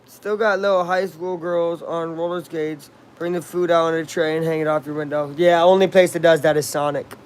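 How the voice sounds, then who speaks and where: A man casually commenting on a baseball game on a live stream, chatting with viewers and reacting loudly to plays. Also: on the high side, fairly even intonation, normal speed, hardly any pauses, clean tone.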